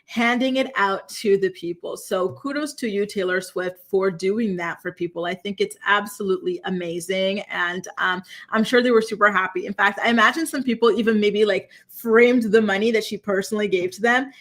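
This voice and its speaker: A woman with a mid-pitched voice hosts a casual gossip recap. She talks in a sassy, blunt, chatty way and addresses her viewers directly. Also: steady tone, normal speed, hardly any pauses, a bit bright. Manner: talks straight to live chat viewers. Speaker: celebrity gossip host. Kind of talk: casual reality TV recap commentary.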